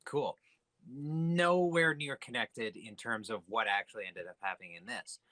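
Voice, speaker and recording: A man's voice: medium pitch, a little slow, sharp tone, no echo, low-quality recording. A tipsy man co-hosting a podcast, teasing his co-hosts and dropping movie trivia in casual chat. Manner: teasing, eager to drop trivia. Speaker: podcast co-host.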